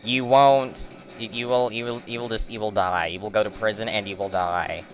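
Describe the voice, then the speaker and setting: A man's voice: fairly low pitch, fairly even intonation, moderate pace, faint music behind. A young man giving rambling, joking gameplay commentary, swearing at the bosses as he plays. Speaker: let's play commentator.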